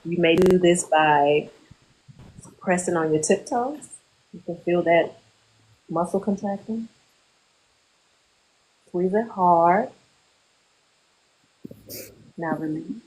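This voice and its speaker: Woman therapist, slow unhurried delivery, calm guided relaxation instructions, group session over a video call. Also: fairly low pitch, poor audio.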